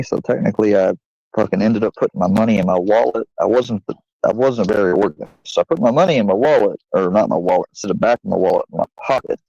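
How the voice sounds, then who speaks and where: A man's voice: fairly low pitch, vocal fry, darkish tone, no echo. A young man telling a long, profane story in a rambling, casual way, full of fillers. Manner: rambling and profane, with many fillers and acted quotes. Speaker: channel host telling a story. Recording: dry, slightly dull home recording.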